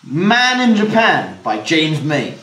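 A man's voice: a little high, slow. A man bantering and telling silly stories on a home cooking show, mocking voices as he goes. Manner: animated, mocking put-on British voices. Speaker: co-host of an online cooking show. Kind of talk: joking banter and silly storytelling. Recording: roomy, distant, faint noise.

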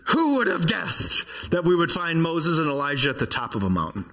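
A man's voice: fairly high pitch, animated, a little fast, few pauses, a bit bright. A man preaching a sermon as pastor, talking conversationally and asking the congregation questions. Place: church.

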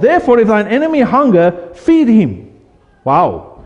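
A man's voice: high voice, huge pitch swings, measured pace, in a large hall, lo-fi sound. A man preaching a sermon as pastor, asking his congregation questions as he goes.

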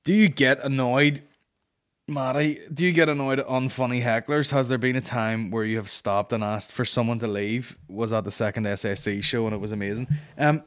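A Northern Irish man hosting a comedy podcast, reading listener questions and telling stories in a blunt, sweary, animated way. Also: mid-range voice. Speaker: podcast host and stand-up comedian.

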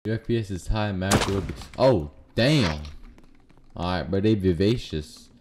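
A man giving live gameplay commentary, trash-talking and swearing, swinging between low muttering and sudden shouts. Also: unhurried, background noise. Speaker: gaming YouTuber. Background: faint keyboard clicks and typing.

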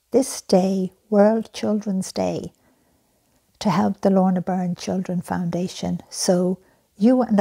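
Slow, gravelly, soft-spoken woman making an earnest appeal. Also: mid-range voice. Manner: soft-spoken, earnest, drifting into breathy whispers. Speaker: charity founder making an appeal.

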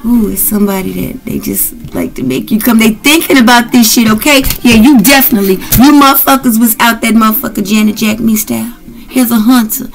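A woman's voice: fairly high pitch, brisk, gravelly, rough recording. Brash, profane woman reading tarot. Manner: brash, profane, rowdy and playful. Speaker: tarot reader.

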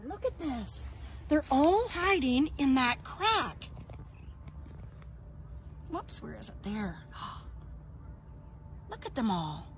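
A woman leading an outdoor lesson for young children, talking gently in a sing-song way, as if to friends. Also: high voice, sing-song, drawn-out words, pauses often, slight background noise. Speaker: early years educator. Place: outdoors in a yard and woods.

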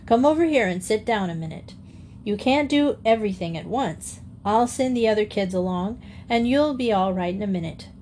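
A woman reader voicing a big, kindly stranger who speaks roughly and briskly. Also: medium pitch, expressive, darkish tone, a little hiss or hum, close to an everyday voice. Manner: rough, brisk, matter-of-fact.

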